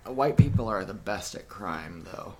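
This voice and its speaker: A man's voice: fairly low pitch, expressive, normal speed, slight background noise. Man trading dry one-liners. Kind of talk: casual chat.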